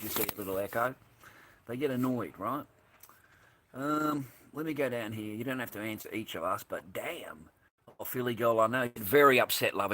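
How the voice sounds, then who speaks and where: A man's voice: mid-range voice, fairly bright tone. Blunt, swearing Australian man streaming. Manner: blunt, rambling, swears freely; reads and answers live chat. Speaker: livestream host. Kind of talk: casual livestream chat.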